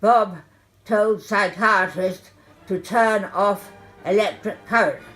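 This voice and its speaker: Deadpan woman reading her memoir. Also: medium pitch, takes it slowly, faint music behind, low-quality recording. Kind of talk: first-person memoir narration.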